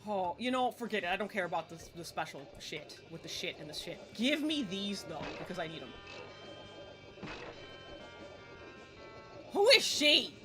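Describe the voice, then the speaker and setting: A woman of about forty chatting casually while streaming a game live, excitable and swearing, often laughing and yelping at the screen. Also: medium pitch, a little slow, long pauses, over music. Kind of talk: live gameplay stream chat. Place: home streaming setup in front of a green screen.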